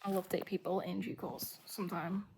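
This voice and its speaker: A woman's voice: lowish voice, fairly even intonation, a little fast, gravelly, darkish tone, slight background noise. A woman vlogging from a hotel room, rambling chattily with plenty of fillers. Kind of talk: casual chat to camera.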